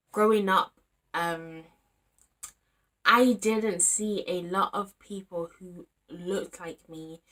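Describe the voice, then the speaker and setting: A young British woman in her twenties, a university student talking candidly and rambling to the camera in a vlog, exasperated and talking to herself at times. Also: lowish voice. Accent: British English. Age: 20s.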